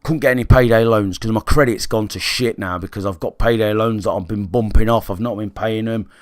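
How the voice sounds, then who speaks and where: This British gaming streamer shares an honest story with his live chat, talking bluntly and casually, swearing freely and checking on his viewers. His pitch is fairly low, his pace a little fast, and the sound is studio quality with no echo.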